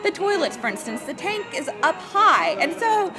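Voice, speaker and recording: Speaking in a very high-pitched voice at a moderate pace, a luxury real estate agent tells stories in a relaxed interview. She's an animated storyteller who acts out the quotes. There's music in the background.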